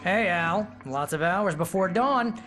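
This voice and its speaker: A sloshed loyal pal, goes way up and down, drawls slow. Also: male voice, sits high, animated. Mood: drunk. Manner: rambling, sloppy, laughing. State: drunk. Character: loud, loyal middle-aged male friend, drunk. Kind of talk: video game voice acting.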